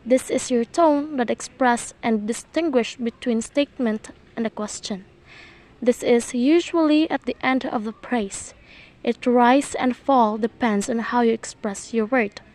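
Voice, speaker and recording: A woman's voice: fairly high pitch, unhurried, a little mellow, low-quality recording. A young woman student reading her section of a class presentation, her sentences trailing off at the ends.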